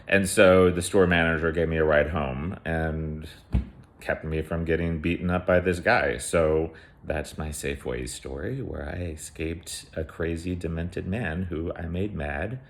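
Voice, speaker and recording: A middle-aged man telling a personal story in a casual, animated way, acting out the quotes. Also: very deep voice, a little slow.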